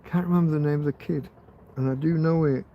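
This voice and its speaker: A man's voice: on the high side, fairly even intonation, quick pace, highs cut off, slight background noise. A man hosting a livestream, chatting in a rambling way with many fillers and restarts. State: laughing through tears. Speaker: livestream host. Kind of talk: rambling casual chat.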